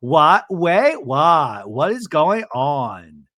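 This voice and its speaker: A man putting on a nosy, dramatic reality-TV woman, asking emphatic, drawn-out questions. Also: fairly high pitch, big pitch swings, a bit bright, no echo, clean studio sound, exaggerated voice. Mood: incredulous.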